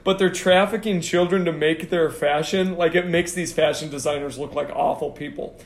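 A male podcast co-host chats casually, telling stories and laughing often. His voice is a little high with fairly even intonation and a normal speed, and the recording is reverberant.

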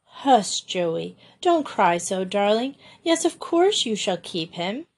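A woman voicing a soft soothing big sister, slow and kind, audiobook style. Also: mid-range voice, big pitch swings, slightly rough, heavily acted. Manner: gentle, soothing. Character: gentle caring older sister, young woman.

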